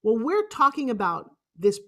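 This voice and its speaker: Animated New York woman telling a story. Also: on the high side, normal speed. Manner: animated, jokey and blunt, acting out other voices. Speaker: motivational speaker. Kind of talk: storytelling talk on stage.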